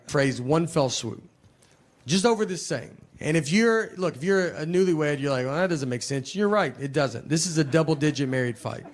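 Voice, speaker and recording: A man in his forties performing stand-up comedy in a large theater, telling stories in a dry, deadpan way that climbs into exasperated rants. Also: background noise. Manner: dry, deadpan storytelling that rises into exasperated high-pitched rants. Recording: live theater recording with long hall reverb. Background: audience laughter.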